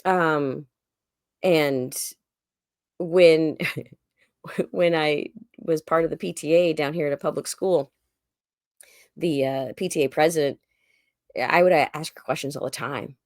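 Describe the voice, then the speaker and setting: A woman's voice: low voice, slow, long pauses, no echo, clean studio sound. A woman cohosting a comedy podcast, chatting casually and acting out quoted dialogue as she tells stories. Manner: animated, acts out quoted dialogue. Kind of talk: casual chat, storytelling. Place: Oklahoma.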